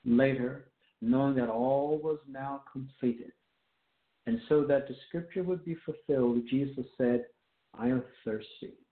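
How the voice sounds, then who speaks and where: A man delivers a sermon at an unhurried, measured pace. He stresses key words with deliberate emphasis. The sound is thin and phone-like, with a roomy echo. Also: mid-range voice. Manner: slow, deliberate, emphatic preaching. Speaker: preacher. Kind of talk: sermon with scripture reading. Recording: echoey, phone-like tinny sound.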